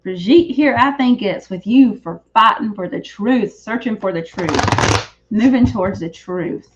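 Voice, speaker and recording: Lady rambling through a live tarot stream, middle pitch, kinda dull lo-fi sound. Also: measured pace, a little hiss or hum. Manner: chatty, rambling, self-correcting. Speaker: psychic reader. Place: back room of a shop.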